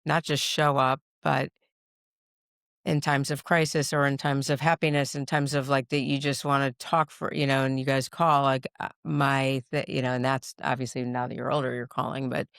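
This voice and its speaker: A woman's voice: extremely low pitch, flat delivery, normal speed, vocal fry, a bit bright, clean tone, no echo, studio quality. A middle-aged woman telling a family story in casual chat, rambling with restarts and frequent laughs. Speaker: guest, mother of the host. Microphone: podcast mic.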